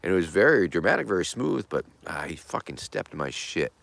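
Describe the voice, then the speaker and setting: Low-voiced rambling profane man. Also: big pitch swings, a little fast, vocal fry, no echo. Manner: profane, meandering, trailing off softly. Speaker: livestream host. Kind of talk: rambling casual livestream chat.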